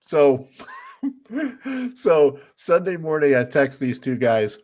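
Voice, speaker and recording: Lively, laughing man telling a sheepish story. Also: a little high, takes it slowly. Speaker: podcast co-host. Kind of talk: casual chat.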